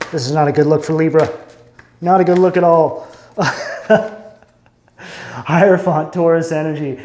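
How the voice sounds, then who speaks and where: Guy reading tarot cards, thinks out loud and restarts a lot, roomy echo. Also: high voice. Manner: musing, searching, self-interrupting. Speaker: tarot reader.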